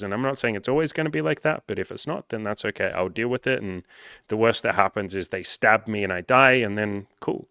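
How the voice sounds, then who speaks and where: A man's voice: fairly low pitch, pushed and bright, smooth, no room sound, clean studio sound. A young man, telling stories casually and animatedly, full of "like" fillers and swearing. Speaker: podcast host reading comments. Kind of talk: casual storytelling.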